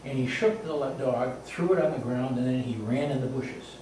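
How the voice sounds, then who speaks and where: A man's voice: mid-range voice, normal speed, darkish tone. Man telling a story in an echoey room. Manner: plain, repetitive storytelling, builds suspense. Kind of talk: casual spoken personal anecdote. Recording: very echoey room, distant mic, faint noise.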